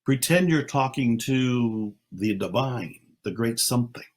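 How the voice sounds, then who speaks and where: An older man speaking slowly and calmly, leading a guided meditation with long pauses. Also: mid-range voice. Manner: slow, calm, soothing, with long pauses. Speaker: self-help speaker. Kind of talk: slow guided meditation talk.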